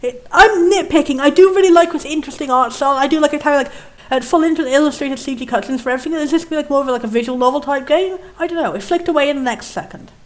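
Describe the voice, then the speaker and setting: A woman hosting a casual game playthrough, chatting in a rambling way and reading the game's text aloud in a lower, solemn tone. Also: rapid-fire. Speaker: let's play host. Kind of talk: casual gameplay commentary.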